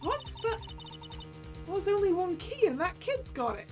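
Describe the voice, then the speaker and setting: A woman putting on a loud, brash young woman in a game, with an attempted American Southern twang. Her high voice comes out excitable, forceful and a little over the top. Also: unhurried, music in the background, exaggerated voice. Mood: brash, excited.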